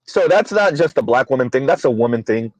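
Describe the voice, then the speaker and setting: A man's voice: mid-range voice, expressive, brisk, a little mellow, no room sound, poor audio. A man hosting a casual commentary stream, rambling with fillers, addressing his chat and calling himself by name in third person. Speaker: commentary channel host.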